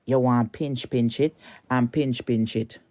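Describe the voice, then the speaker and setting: A woman's voice: extremely low pitch, fairly even intonation, a little slow, dark tone. A Jamaican woman delivering a heated, cursing rant at a rival on social media, repeating her insults over and over.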